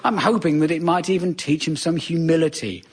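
A man's voice: on the high side, fairly quick, breathy edge. A wry British man doing a sardonic stand-up comedy monologue in a conversational manner. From Britain.

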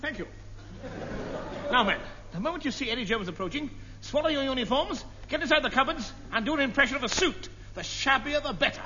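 An actor playing an excitable, giggly, bumbling young army officer hero in a 1950s radio comedy. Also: male voice, very high-pitched, a little fast, very noisy. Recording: muffled old broadcast with hall echo, music.

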